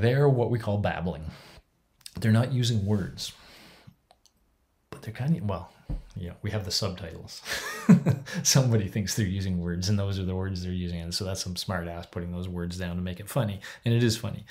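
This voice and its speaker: A man's voice: fairly low pitch, normal speed, a little mellow. A man giving a university psychology lecture in a chatty, enthusiastic way, with many fillers and restarts.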